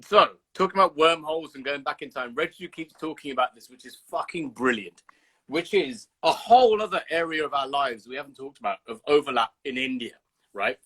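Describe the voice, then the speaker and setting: A man's voice: a little high, animated, a little fast, a bit bright, breathy edge, rough recording. A man hosting a casual livestream chat over a video call, teasing his guest, swearing freely and telling stories with animation. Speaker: host.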